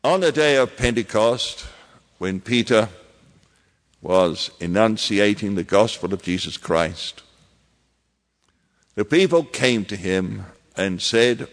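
A man preaching a sermon as pastor, in a measured way with emphatic repetitions. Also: lowish voice, animated, long reverb tail.

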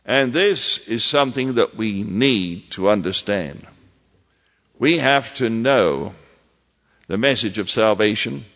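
A man preaching a sermon as pastor, in a measured way with emphatic repetitions. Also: on the low side, animated, a bit bright, in a large hall.

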